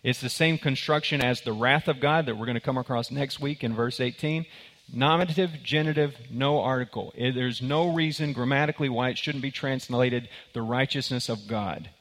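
A man's voice: medium pitch, moderate pace, fairly bright tone. Emphatic preacher man in a reverberant hall. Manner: emphatic, repeats words and restarts. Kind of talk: sermon with a told joke.

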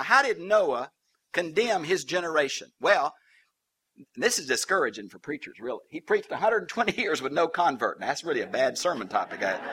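A man's voice: a little high, sharp tone, breathy edge. A man preaching a Bible teaching sermon, folksy and humorous with colloquial asides.

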